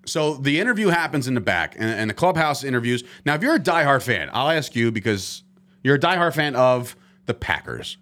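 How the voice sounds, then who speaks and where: A man's voice: mid-range voice, very animated, brisk, a bit bright. A man hosting a casual sports podcast, talking animatedly, swearing freely and acting out quotes. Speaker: podcast host.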